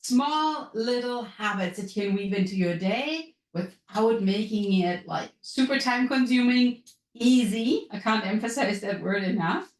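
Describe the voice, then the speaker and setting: A woman's voice: measured pace, hardly any pauses. A woman from Europe with a European accent, a business and wellness coach hosting her podcast in an upbeat, chatty way. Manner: upbeat, chatty, lively pitch swings. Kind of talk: solo podcast talk. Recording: echoey room.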